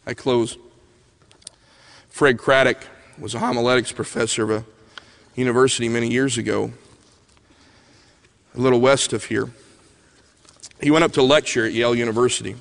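A man's voice: medium pitch, fairly even intonation, normal speed, gravelly, pauses often. A man preaching a sermon, telling stories in an earnest way. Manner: earnest, storytelling, soft pleading prayer passages. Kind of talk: sermon with storytelling. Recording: long hall reverb.

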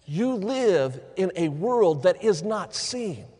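High-voiced preacher in a reverberant hall. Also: male voice, very animated, slow pace, warm tone, husky. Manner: storytelling, repeats phrases for emphasis. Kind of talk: sermon. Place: church sanctuary.

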